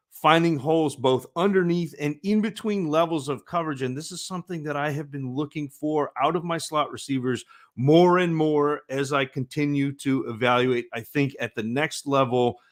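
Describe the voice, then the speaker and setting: A man co-hosting a podcast, reading prepared scouting notes in a measured way. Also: fairly high pitch. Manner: measured, scripted evaluation. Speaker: podcast co-host, draft analyst.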